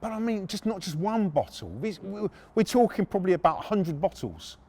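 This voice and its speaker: A man's voice: sits high, fairly quick. Brash man telling stories. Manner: brash, swearing, animated. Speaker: podcast host. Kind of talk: storytelling podcast.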